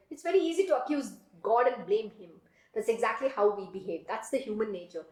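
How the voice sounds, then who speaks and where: Earnest high-voiced woman giving a spiritual talk. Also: lively intonation, brisk, a little mellow, roomy sound, poor audio. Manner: earnest, frequent "you know" asides. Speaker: spiritual teacher. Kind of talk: devotional discourse.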